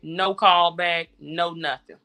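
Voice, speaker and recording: A woman with a bright, forceful voice tells her story as an interview guest. She sounds worn down and frustrated, and she retells each exchange steadily and in detail. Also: lowish voice, fairly even intonation, slow pace. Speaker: interview guest, grieving mother. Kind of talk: personal account in conversation.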